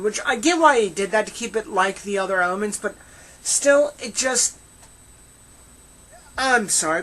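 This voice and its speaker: Bright-voiced opinionated film reviewer. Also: mid-range voice. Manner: opinionated and animated, with mocking asides. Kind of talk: casual spoken film review.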